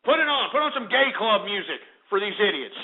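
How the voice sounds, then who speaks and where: A man hosting a call-in radio show, insulting and mocking callers in a loud, barking rant. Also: sits high, big pitch swings, brisk. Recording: tinny phone-line radio archive with faint music.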